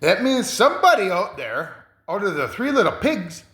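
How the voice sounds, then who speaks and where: Rambling man, bright lively voice. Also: high voice, moderate pace. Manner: hesitant, many fillers and repeats, chuckling. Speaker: commentator. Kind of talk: rambling monologue. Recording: roomy echo.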